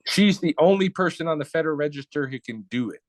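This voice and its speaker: A man's voice: on the high side, quick pace, no room sound. Blunt middle-aged man telling a story. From Blackfoot Nation, North America. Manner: relaxed, conversational, with short restarts. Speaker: interview guest. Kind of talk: casual storytelling interview.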